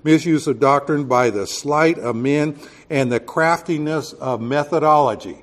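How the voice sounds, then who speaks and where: A man from Texas preaching a Bible sermon in a conversational way, growing loud and emphatic on key points. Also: a little high, measured pace. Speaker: pastor.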